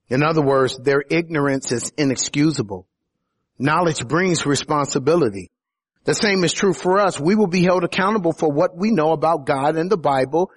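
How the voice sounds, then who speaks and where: Husky-voiced man preaching with emphasis. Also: fairly high pitch. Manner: preaching with rising emphatic peaks on key phrases. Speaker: pastor. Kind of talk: sermon.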